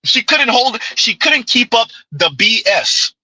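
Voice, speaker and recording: A man's voice: very high-pitched, lively intonation, slow, bright, forceful tone, breathy edge, dry recording, low-quality recording. A man, giving an opinionated commentary monologue with emphatic call-outs and rhetorical asides. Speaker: commentary vlogger.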